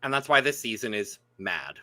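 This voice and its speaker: A man's voice: lowish voice, big pitch swings, moderate pace, pushed and bright. A man hosting a casual podcast chat, talking loosely with lots of fillers and blunt remarks. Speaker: podcast host.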